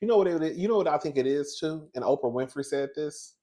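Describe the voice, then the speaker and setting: A man's voice: a little high, quick pace. Chatty gossiping man. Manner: chatty, animated, calls listeners "girl" and "baby". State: out of breath. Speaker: commentary host. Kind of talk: casual gossip commentary.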